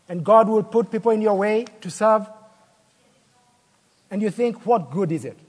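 A man's voice: high-pitched, a little mellow, breathy edge. A man preaching a sermon, telling stories and asking rhetorical questions, acting out the people he quotes. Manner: storytelling, acts out quoted voices, rhetorical questions. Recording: long hall reverb.

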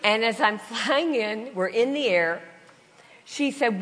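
A woman's voice: a little high, takes it slowly, a bit bright. A woman Christian speaker with a cold, preaching a sermon full of funny stories, putting on voices and laughing between lines. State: has a cold. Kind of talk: sermon with humorous travel stories. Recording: long reverb in a large hall.

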